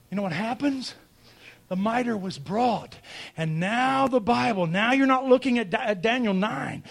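A man preaching a fervent revival sermon, swinging from shouted climaxes down to low, quiet storytelling. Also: animated, measured pace, creaky.

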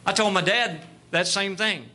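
A man preaching a sermon testimony, telling a story, acting out the dialogue and rising to fervent shouts. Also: high voice, normal speed, slight background noise. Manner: storytelling, acts out dialogue, rises to shouting fervor.

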